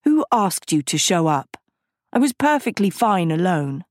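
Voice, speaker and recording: A woman voicing a gloomy, sardonic teenage girl, a blunt loner, with a flat, dry delivery. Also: lowish voice, a little slow, no room sound.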